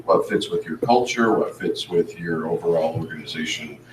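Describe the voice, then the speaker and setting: A man's voice: rumbling low, normal speed. A man in the audience answering a presenter's question, explaining his point thoughtfully. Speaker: audience member. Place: conference room. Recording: distant mic in an echoey room with noise.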